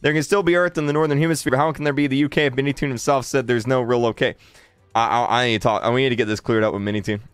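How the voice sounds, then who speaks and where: Exasperated male streamer, smooth and dry. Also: medium pitch, fairly even intonation, rapid-fire, no room sound. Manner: exasperated, repeats himself, stammers and laughs. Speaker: livestreamer. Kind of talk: livestream chat commentary.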